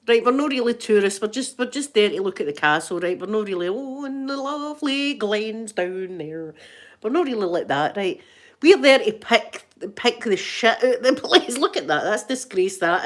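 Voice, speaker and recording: Scottish woman, host, casual storytelling, giggly and self-deprecating, a touch high-pitched. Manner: chatty, giggly, self-mocking, broad local slang. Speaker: ASMR channel host.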